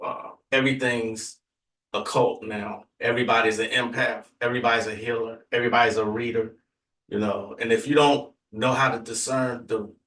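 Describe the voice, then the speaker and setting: A man's voice: mid-range voice, a bit bright. Laid-back Texan man in a roomy space. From Texas. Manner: laid-back, rambling with many fillers and asides. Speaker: livestream host. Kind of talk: casual livestream chat. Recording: roomy, distant from the mic.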